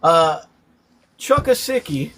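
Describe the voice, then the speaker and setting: A man's voice: on the high side, very animated, slow pace, pushed and bright, a little hiss or hum. A man hosting a casual live stream, animatedly explaining slang terms one by one and laughing often.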